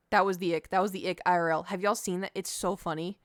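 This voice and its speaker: A woman's voice: mid-range voice, fast talker, few pauses, smooth, dry recording, studio quality. A woman streamer chatting casually and animatedly, hopping from one story to the next. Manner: chatty and animated, jumping between stories. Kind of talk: casual chat.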